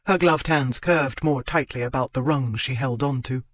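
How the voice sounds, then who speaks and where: A man narrating a historical romance audiobook in a steady, measured reading. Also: mid-range voice, no echo.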